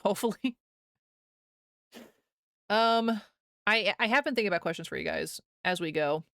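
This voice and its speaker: A woman's voice: mid-range voice, moderate pace, vocal fry, fairly bright tone, dry recording, clean studio sound. A young American woman streaming live, chatting casually with her viewers, rambling and laughing often as she reads chat aloud.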